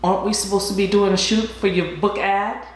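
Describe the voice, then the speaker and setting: A man playing a dry, prodding off-camera crew member, heard high-pitched and distant in a very echoey space. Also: little pitch movement, brisk, natural voice. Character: off-camera male crew member reminding the host. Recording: distant, very roomy echo.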